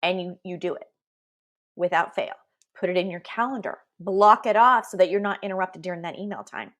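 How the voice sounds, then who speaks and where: A woman's voice: lowish voice, a little fast, a bit bright. A middle-aged woman hosting a live motivational talk for leaders, upbeat and emphatic, speaking straight to her viewers. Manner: upbeat, emphatic, addresses viewers directly with frequent "right?". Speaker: leadership coach and host.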